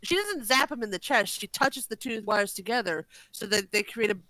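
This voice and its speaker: Bright-voiced woman, dry close sound. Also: mid-range voice, lively intonation, normal speed, dry recording, poor audio. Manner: corrects details, sweary. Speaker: podcast co-host. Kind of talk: casual podcast chat.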